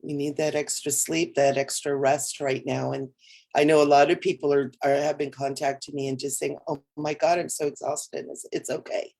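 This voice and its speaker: A woman with a low-pitched voice co-hosts a spiritual livestream from home. She talks in a relaxed, rambling, playful way and sounds a little tired. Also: moderate pace, creaky. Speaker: co-host. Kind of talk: casual spiritual chat on a livestream.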